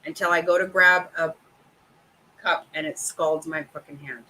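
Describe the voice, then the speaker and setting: Bright-voiced woman ranting. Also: fairly low pitch, little pitch movement, measured pace, poor audio. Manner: profane, exasperated, laughing often. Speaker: host. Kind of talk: casual chat.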